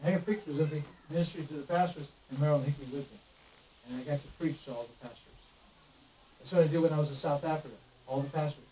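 This middle-aged traveling preacher has a high-leaning voice and talks quickly, bringing sermon stories to life by acting out each exchange. The church sanctuary recording comes across as roomy and far off, with noise muffling it.

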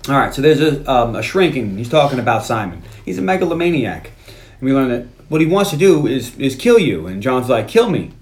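Male podcast host, playful scene-by-scene recap with quick impressions, recorded in a roomy space. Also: medium pitch. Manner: animated retelling with quick impressions of characters. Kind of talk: casual movie podcast recap.

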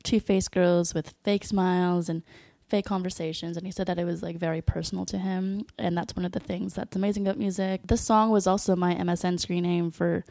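Young woman cohost, lots of vocal fry, excited n giggly, dry close mic. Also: fairly low pitch, fairly quick, hardly any pauses, dry recording. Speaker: podcast co-host. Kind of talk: casual chat.

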